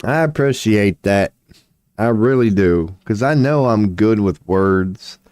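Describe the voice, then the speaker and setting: Guy streaming tarot, kinda hoarse, low mellow voice, rambly and swears a lot, dry close sound. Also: lively intonation, slow, dry recording. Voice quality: voice going hoarse from long streams. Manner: rambling, swears casually, laughs often, reads chat aloud. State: hoarse, clearing throat. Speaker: streamer doing tarot readings. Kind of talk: casual live-stream chat.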